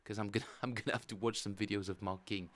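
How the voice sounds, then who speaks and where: Male streamer, slightly low voice, loose rambling chat with viewers. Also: fairly even intonation, fast talker, fairly bright tone. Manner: rambling, thinking aloud, chatting with viewers. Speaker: bass player streaming practice. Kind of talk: casual livestream chat.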